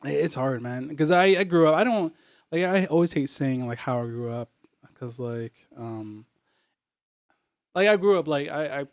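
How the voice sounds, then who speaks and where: A man's voice: fairly high pitch, animated, moderate pace, no room sound, clean studio sound. Rambling young man who laughs a lot. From Virginia, USA. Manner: rambling, laughs often, heavy filler words. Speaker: comedian guest. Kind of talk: casual podcast chat.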